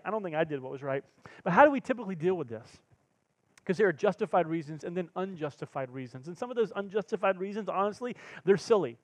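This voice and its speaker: A male pastor preaching a sermon, telling personal stories with lively, self-mocking humor and acted-out quotes. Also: high-pitched, no room sound. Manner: animated storyteller, acts out quotes, laughs at himself. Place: church sanctuary.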